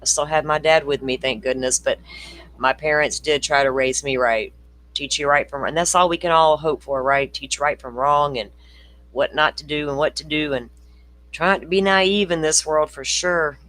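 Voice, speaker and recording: A man's voice: fairly high pitch, steady tone, normal speed, fairly bright tone. A man hosting a livestream, talking casually to his chat and making blunt, mocking asides about the clip he is showing. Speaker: livestream host. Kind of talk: casual commentary.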